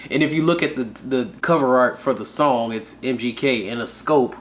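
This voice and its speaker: A man's voice: medium pitch, normal speed, slight background noise. A man hosting a casual song review, laid-back and slangy, chuckling often as he talks. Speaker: music reaction channel host. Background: hip hop track playing.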